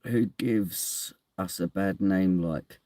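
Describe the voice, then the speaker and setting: A man's voice: low voice, takes it slowly, dark tone, dry recording, studio quality. A man chatting casually on his live stream at home, rambling, laughing often and swearing now and then. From England. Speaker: streamer reading chat. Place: at home indoors.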